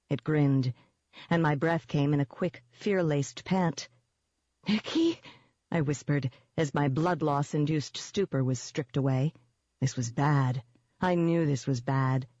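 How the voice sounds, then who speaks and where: An audiobook narrator reading a first-person novel in a steady, even storytelling manner. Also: mid-range voice, no room sound, dull audio.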